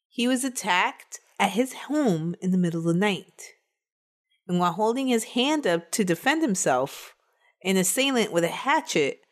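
With a medium-pitched voice, a woman co-hosts a podcast and recounts a true-crime case in a casual, chatty manner, laughing between the facts.

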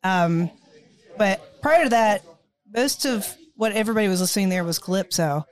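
A woman's voice: medium pitch, expressive, normal speed. A woman co-hosting a casual podcast, explaining music history at length in a knowledgeable way, with frequent fillers. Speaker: podcast co-host.

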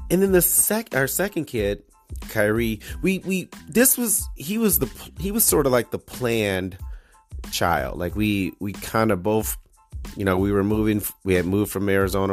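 A man, hosting a casual solo podcast with rambling, crude jokes and frequent restarts. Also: sits low. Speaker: podcast host.

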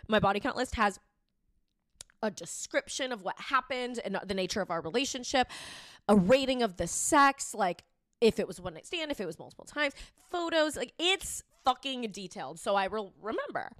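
A young woman co-hosting a podcast, telling a story in a lively, casual chat, laughing and swearing freely. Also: mid-range voice, normal speed, dry recording, clean studio sound. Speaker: podcast co-host.

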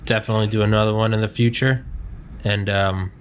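Podcast host, deep-ish male voice, easygoing and cussy, wrapping up with a buddy, low hiss. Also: flat delivery, a little fast. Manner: laid-back, swears freely. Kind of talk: casual chat.

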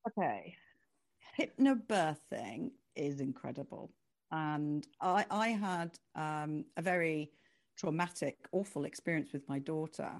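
In a low, unhurried voice, a woman author chats as a guest in a conversational interview. She's animated and expressive, laughing easily.

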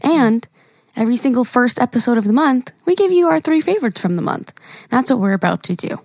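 Chatty young woman cohost, laughs a lot, gets excited, dry close sound. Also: a little high, brisk, no echo. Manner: chatty, giggly, enthusiastic. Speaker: podcast co-host. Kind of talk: casual chat.

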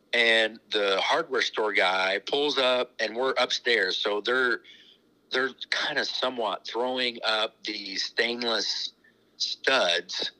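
A man's voice: mid-range voice, bright, forceful tone, poor audio. A middle-aged man, a racetrack owner, telling rambling, chuckling stories in a casual interview. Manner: rambling, chuckling anecdotes with many restarts.

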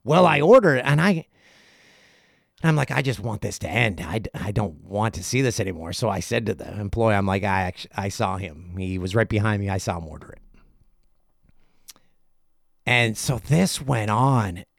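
A middle-aged man hosting a podcast, telling a casual story and acting out other people's lines in quick asides. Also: on the low side, creaky, no room sound, studio quality. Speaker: podcast host.

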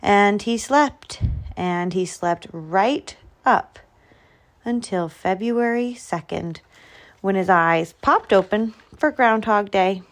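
A woman reading a children's picture book aloud, slow and expressive. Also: medium pitch. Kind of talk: storybook read-aloud.

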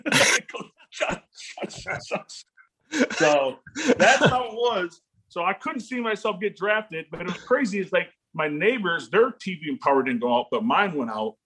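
A man's voice: on the high side, a bit bright, breathy edge. A man in his forties, a former football player as interview guest, telling stories animatedly, acting out quotes and laughing often. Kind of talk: casual storytelling interview.

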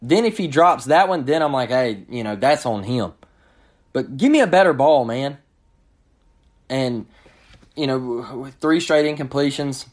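A man's voice: medium pitch, moderate pace. A man hosting his own sports show, giving frustrated, ranting commentary and often repeating himself. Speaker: sports podcast host.

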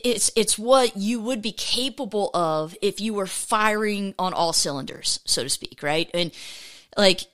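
A woman's voice: medium pitch, sharp tone. A woman hosting a casual faith podcast, upbeat and chatty, rambling with many restarts. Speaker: podcast host.

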